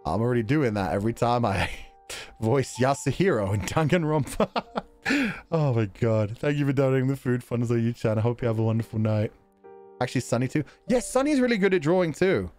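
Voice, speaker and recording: A man streaming live, reading out viewer donations and chatting in an animated, rambling way, often breaking into laughter. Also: mid-range voice, a little fast, faint music behind.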